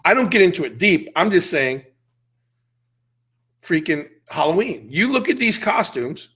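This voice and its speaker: A man's voice: sits high, very animated, measured pace, long pauses, fairly bright tone, husky. A middle-aged man hosting a podcast, ranting bluntly and animatedly in casual chat. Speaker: podcast host.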